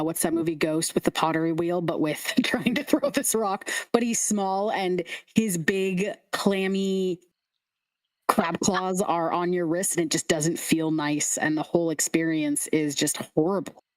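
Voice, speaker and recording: A woman's voice: on the low side, fairly even intonation, a little slow, dry recording. A woman game master casually narrating a tabletop game, with laughing asides.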